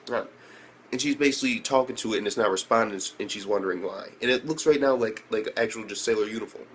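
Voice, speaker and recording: A man recapping an anime episode in a casual, profane, rambling way, breaking into shrill disbelieving outbursts. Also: a bit bright, slight background noise. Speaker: anime reviewer.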